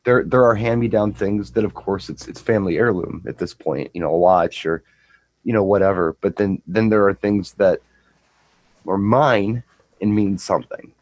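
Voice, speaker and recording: A middle-aged man with a low voice, chatting on a show. He rambles through an anecdote and trips over repeated words. The sound is close and dry. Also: steady tone, normal speed, darkish tone, no room sound, rough recording. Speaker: co-host and DJ. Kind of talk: casual chat, storytelling.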